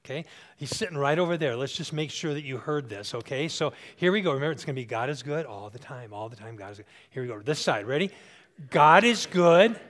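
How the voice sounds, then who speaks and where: A man's voice: mid-range voice, fast talker. A pastor in his sixties preaching a sermon in a church, talking conversationally, checking in with the congregation and repeating phrases for emphasis.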